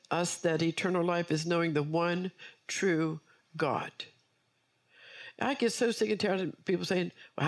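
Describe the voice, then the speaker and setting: A woman preacher delivering an earnest sermon with personal testimony, repeating key phrases for emphasis. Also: low voice.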